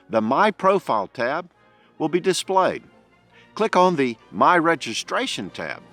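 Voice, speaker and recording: A man talks in a casual, coaxing way, often dropping to a hush. His voice is a little high and swings widely in pitch. Faint music plays beneath him. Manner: hushed, coaxing, folksy. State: a bit out of breath. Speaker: vlogger. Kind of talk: casual outdoor vlog and how-to talk. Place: outdoors in woods.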